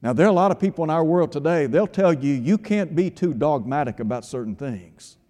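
A man's voice: fairly high pitch, animated, fairly quick, warm tone, long reverb tail. A man preaching a sermon, emphatic and insistent, firing rhetorical questions at his listeners.

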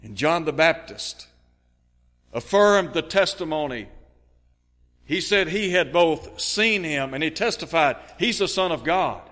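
Male radio preacher, earnest expository delivery, slightly high pitch, reverberant hall sound. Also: sharp tone. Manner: earnest Bible exposition, reading scripture aloud. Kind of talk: radio sermon.

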